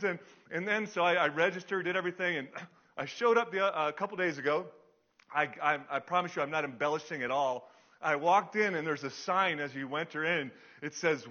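A man's voice: high-pitched, moderate pace, bright, forceful tone. Chatty middle-aged male pastor. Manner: chatty, self-deprecating, many fillers. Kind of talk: storytelling sermon. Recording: dull lo-fi sound.

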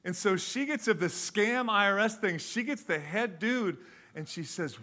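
Male pastor, middle-aged, bright forceful voice, animated storytelling sermon. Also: sits high, normal speed. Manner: animated storytelling, acts out voices, swings from loud to hushed.

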